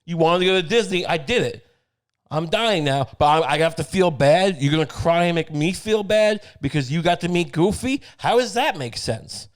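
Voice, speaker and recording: A man's voice: mid-range voice, normal speed, close to an everyday voice. Man plays a dying father, selfish and scolding, cursing at his little son. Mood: exasperated. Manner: exasperated, guilt-tripping, profane.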